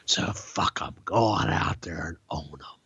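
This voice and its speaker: A man putting on an intense, commanding male wrestling promoter in whispered role-play, low, hushed and forceful. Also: animated, moderate pace, dry recording, lo-fi sound, heavily acted.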